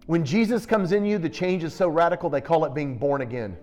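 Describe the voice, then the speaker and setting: A man preaching a sermon, shifting between quiet storytelling and loud, emphatic, direct challenges to his listeners. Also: a little high, brisk, few pauses, faint music behind. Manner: intense, direct, challenging delivery.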